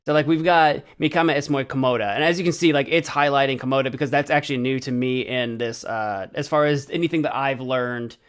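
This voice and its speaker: A man's voice: mid-range voice, fairly quick, hardly any pauses, clear, resonant tone. A young man from the American Midwest chatting casually on a live stream, self-deprecating and stumbling over Spanish words as he practices. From central Illinois, US.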